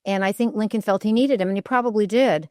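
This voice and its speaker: A woman's voice: medium pitch, fast, warm tone, no room sound, studio quality. A woman historian speaking as a guest on a radio interview, thoughtful and candid, often weighing her views with "I think.". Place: radio studio.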